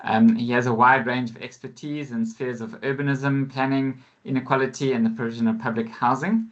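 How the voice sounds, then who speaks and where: A man hosting an online webinar, introducing speakers in a measured, hesitant way over a video call. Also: medium pitch, fairly even intonation, dull audio. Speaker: webinar host, facilitator.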